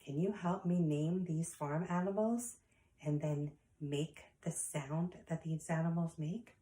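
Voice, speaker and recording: A woman's voice: low-pitched, fairly even intonation, measured pace, mellow, echoey room. A woman teacher leading an online lesson for young children, in a sing-song voice that acts out animal sounds. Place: home.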